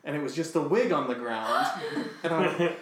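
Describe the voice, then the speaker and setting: Man, casual storyteller, laughing, slightly high voice, echoey room. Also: fairly quick, crowd noise. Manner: animated, laughing, acts out voices in his stories.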